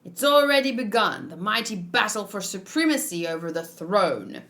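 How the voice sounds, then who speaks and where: A woman's voice: mid-range voice, big pitch swings, moderate pace, a bit bright. A woman putting on a dramatic pirate narrator voice with a theatrical, half-hearted drawl.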